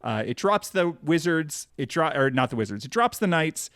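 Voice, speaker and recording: A man co-hosts a casual podcast, recapping a cartoon episode in a loose, rambling way, full of fillers and restarts. His voice sits a little high for a man. The sound is dry and close, with no room in it. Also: very animated, moderate pace, a bit bright, no echo. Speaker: podcast co-host.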